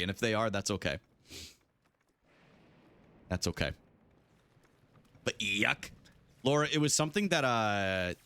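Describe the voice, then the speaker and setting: A man's voice: mid-range voice, a bit bright. A young man live-streaming a game, chatting casually with viewers and laughing often.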